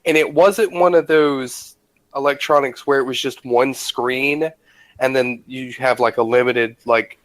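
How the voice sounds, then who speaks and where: Man, podcast co-host, mid pitch, excited, rambling, dry close mic. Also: measured pace, no room sound, poor audio. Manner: enthusiastic, rambling, lots of "like". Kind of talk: casual chat.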